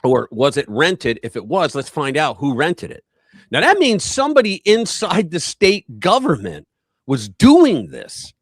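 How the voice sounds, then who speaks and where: A man hosting a casual political live stream, talking in an animated, rambling way and acting out quotes in a raised voice. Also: a little high, unhurried, breathy edge, no echo.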